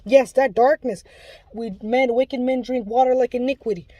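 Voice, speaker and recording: A man's voice: extremely high pitch, steady tone, moderate pace, warm tone, dry recording, muffled recording. A man delivering an impassioned spoken warning, pleading and urgent in a preachy way, often restarting his sentences. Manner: rambling with restarts. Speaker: self-described Luciferian giving a testimony.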